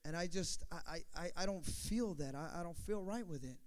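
A man who was once a youth pastor, telling a testimony story in an animated way, acting out the dialogue with playful asides. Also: a little high, normal speed.

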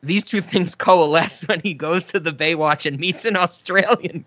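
A man's voice: sits high, animated, moderate pace, hardly any pauses, sharp tone, no room sound, muffled recording. A man co-hosting a podcast in casual chat, joking, rambling and laughing often. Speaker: podcast co-host.

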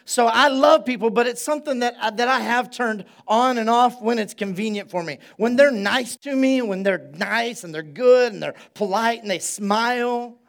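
A male pastor preaching a sermon in a relaxed, conversational way, repeating phrases for emphasis and drawing call-and-response from his congregation at a church service. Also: very high voice, normal speed, creaky, few pauses.

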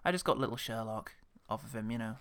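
Give me a podcast co-host in relaxed film-review chat, wry and quick to laugh. The voice sounds bright and forward. It stays in a middle pitch. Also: clean tone. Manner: wry, chatty, laughs often. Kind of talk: casual chat.

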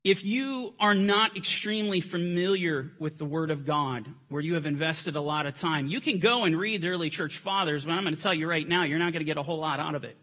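A man's voice: a little high, a little fast, few pauses. A man teaching a Bible lesson in an emphatic way, pressing his points harder as he goes. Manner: emphatic, building to forceful climaxes. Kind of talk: teaching lecture.

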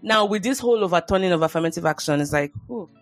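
A woman's voice: on the low side, expressive, quick pace, dry recording, soft background music. A woman hosting a podcast, chatting casually and telling stories. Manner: chatty, conversational storytelling. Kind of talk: casual chat.

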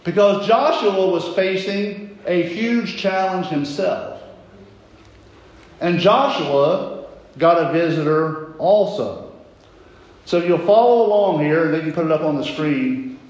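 A man preaches a sermon, spinning a story in a loose, rambling way, often stopping to correct himself. His voice sits a little high for a man. The recording carries a strong, ringing echo from a large church room. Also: slow, a little mellow, lo-fi sound.

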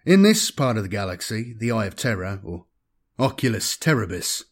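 A man's voice: on the low side, big pitch swings, moderate pace. Man narrating sci-fi audiobook. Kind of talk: scripted narration.

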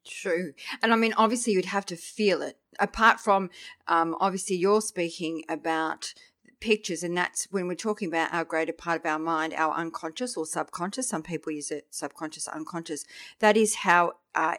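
A woman with a slightly low voice hosts the interview. She reflects on what her guest says and thinks aloud. She uses small fillers as she talks. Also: moderate pace, fairly bright tone. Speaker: interview host. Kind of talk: interview conversation.

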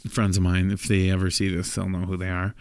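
A man co-hosting a podcast, casually telling a long joke and acting out the characters' lines with jumps in pitch. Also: completely flat delivery, fairly quick, a little mellow, slight background noise. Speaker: podcast co-host.

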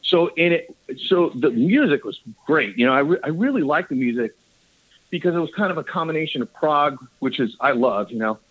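A man, a guest bass player, telling stories in a casual interview, rambling and enthusiastic, laughing often. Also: lively intonation, brisk. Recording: dull lo-fi audio.

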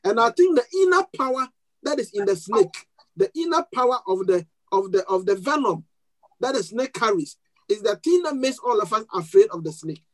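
A pastor with a non-native accent addresses a live church congregation at normal speed, his medium-pitched voice swinging widely in pitch. He pulls listeners in with questions and call-and-response, repeating key words for weight and often restarting between phrases. The recording quality is low.

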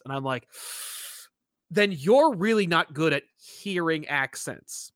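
Male co-host, casual and profane, lively delivery, slightly high voice. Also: slow, no echo, studio quality. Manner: rambling, profane, full of fillers and restarts. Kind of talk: casual movie discussion.

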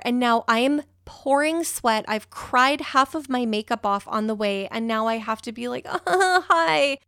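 A woman's voice: fairly high pitch, no room sound. Chatty emotional young woman, dry sound. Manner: chatty, rambling, emotional, swears. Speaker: storyteller. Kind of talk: casual personal storytelling.

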